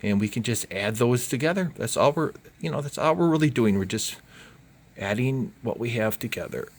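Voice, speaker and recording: A man's voice: mid-range voice, lively intonation, moderate pace. Encouraging male teacher, casual lesson. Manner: casual, encouraging, thinks aloud. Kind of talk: home learning video lesson.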